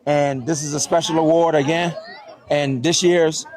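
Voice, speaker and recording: A man with a somewhat high voice speaks at a youth sports award presentation. He is choked up and heartfelt, and keeps checking in with his listeners as he goes. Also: steady tone, normal speed, some chatter behind. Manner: heartfelt, often adds "right?". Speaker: organization CEO presenting an award. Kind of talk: emotional award speech.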